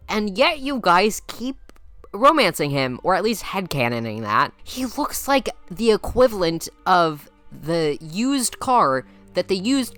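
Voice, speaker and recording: A woman with a low voice runs a teasing, mock-dramatic commentary, laughing often as she passes judgment. She speaks into a home mic with faint music underneath. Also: a bit bright, no echo. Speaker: YouTuber judging viewers' game characters. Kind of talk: playful commentary.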